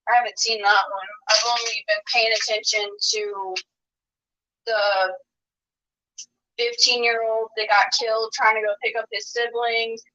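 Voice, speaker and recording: A woman's voice: a little high, little pitch movement, a little slow, pushed and bright. A young adult woman calling in to a podcast, chatting casually with a lot of "like". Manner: chatty, with frequent "like". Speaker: guest on the phone. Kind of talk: casual chat. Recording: distant, dull phone line.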